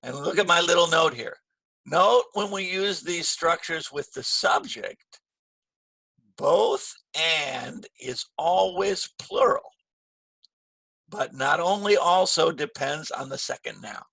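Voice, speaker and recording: A man teaching an English grammar lesson, slow and patient, repeating key phrases with stress. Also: on the high side, vocal fry, sharp tone, slightly rough, no room sound.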